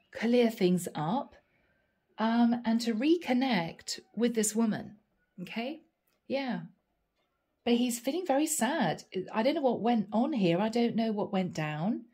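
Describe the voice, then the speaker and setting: A woman's voice: a little high, warm tone, slightly rough. A woman giving a chatty channeled tarot reading, thinking aloud and tentative. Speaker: psychic tarot reader.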